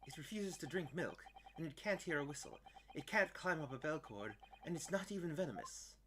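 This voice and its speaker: A man doing a pompous, rapid-fire gentleman detective. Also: a little high, lively intonation, a little hiss or hum. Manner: rapid, theatrical, old-fashioned phrasing.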